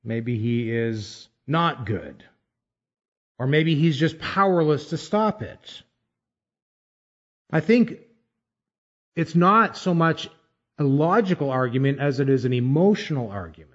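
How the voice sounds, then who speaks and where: A man delivers a sermon at an unhurried pace, stressing repeated phrases with earnest emphasis. The recording sounds somewhat dull and muffled. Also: medium pitch, expressive. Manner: measured, emphatic preaching with deliberate pauses. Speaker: pastor.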